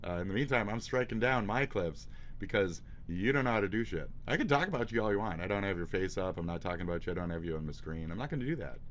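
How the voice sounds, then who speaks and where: A man streaming live, giving casual reaction commentary in a mocking, profane and excitable way. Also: sits low, quick pace, lo-fi sound, a little hiss or hum.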